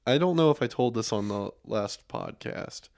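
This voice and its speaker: A young man hosting a casual podcast, telling stories in a relaxed way with lots of fillers and restarts. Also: medium pitch, normal speed, vocal fry.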